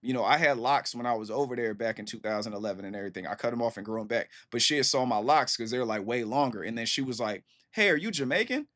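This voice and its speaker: A man's voice: medium pitch, fairly even intonation, quick pace, hardly any pauses, fairly bright tone. Laid-back man rambling in commentary. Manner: loose, rambling, heavy on fillers like "you know what I'm saying". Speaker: reaction channel host. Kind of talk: casual commentary on a song.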